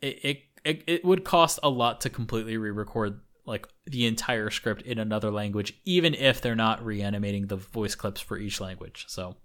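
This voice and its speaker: A man's voice: on the low side, normal speed, hardly any pauses, fairly bright tone. A man hosting a casual podcast chat, talking loosely with lots of fillers and restarts. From English-speaking country. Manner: rambling with frequent fillers and restarts. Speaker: podcast host.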